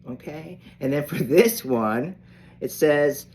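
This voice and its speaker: Slow-talking older male music teacher. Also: fairly high pitch, expressive, darkish tone. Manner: unhurried, rambling, with frequent restarts. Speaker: saxophone teacher. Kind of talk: casual instructional talk.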